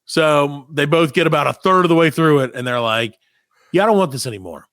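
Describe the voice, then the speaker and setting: A man's voice: a little high, fairly quick, no room sound, studio quality. A middle-aged man and father telling a comic story on a podcast, swearing freely and acting out the people in it. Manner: profane, animated anecdote-telling with quoted voices. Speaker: podcast co-host. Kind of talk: casual comedic storytelling.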